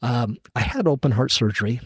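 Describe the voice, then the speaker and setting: A middle-aged man with a husky, slightly breathy voice at an ordinary pitch tells a personal story as a podcast guest. He acts out the lines of the people in it and chuckles along. The sound is dry and close, with no room around it. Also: fairly quick, no echo. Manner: animated storyteller acting out dialogue, chuckling at his own story. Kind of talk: storytelling in a casual interview.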